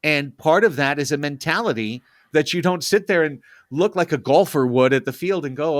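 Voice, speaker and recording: A man's voice: a little high, normal speed, few pauses, dry recording, studio quality. A man co-hosting a casual baseball podcast, telling stories and reasoning aloud. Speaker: podcast co-host.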